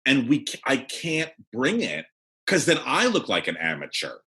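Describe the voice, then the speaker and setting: Animated man with a husky, lively voice. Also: mid-range voice, normal speed. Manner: animated, with frequent restarts. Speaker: cabaret producer and director, podcast guest. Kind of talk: casual podcast interview.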